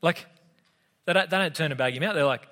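An Australian man preaching a sermon in a relaxed, conversational way, with humorous asides, as a pastor with young kids. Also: fairly high pitch, quick pace. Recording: long hall reverb.

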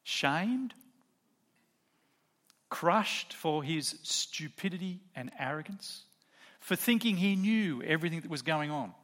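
A man's voice: a little high, lively intonation, slow pace, pauses often, fairly bright tone. A middle-aged man preaching a sermon, telling a story and asking rhetorical questions of the congregation.

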